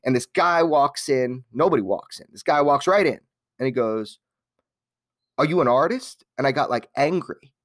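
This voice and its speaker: At a moderate pace and medium pitch, the Los Angeles guest candidly walks through his life story with animation, many restarts, and occasional casual swearing. The sound is clean studio audio with no room tone.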